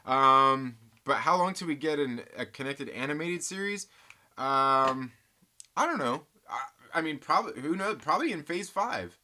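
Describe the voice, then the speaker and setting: A man hosting a casual live movie chat stream, reading viewer comments aloud and thinking out loud with frequent restarts. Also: fairly high pitch, animated, moderate pace.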